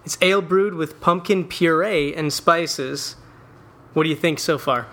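Podcast cohost guy, bright kinda high voice, laid back and wry. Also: unhurried. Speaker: podcast co-host. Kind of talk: casual sports and beer chat.

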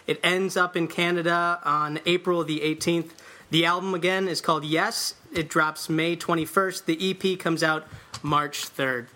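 Bright upbeat podcast host. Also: male voice, on the high side, steady tone, measured pace. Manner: upbeat promo-style announcing. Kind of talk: casual podcast hosting.

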